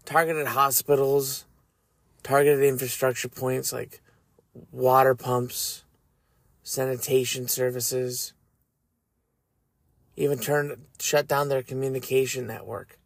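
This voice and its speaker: A man hosting a faith podcast, reading scripture and speaking in an earnest, measured, reflective way. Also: medium pitch, little pitch movement, no room sound. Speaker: podcast host.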